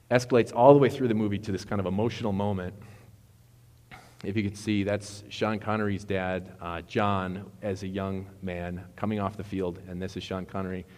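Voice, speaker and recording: A man preaching a sermon in a relaxed, conversational way, retelling movie scenes and correcting himself as he goes. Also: sits low, normal speed. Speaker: pastor. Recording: long reverb of a hall.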